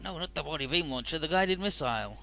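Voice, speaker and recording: A man's voice: fairly high pitch, expressive, quick pace, bright, forceful tone, faint music behind. A young man casually recapping a game's story, swearing and sarcastic as he plays. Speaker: let's play host. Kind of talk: casual game commentary.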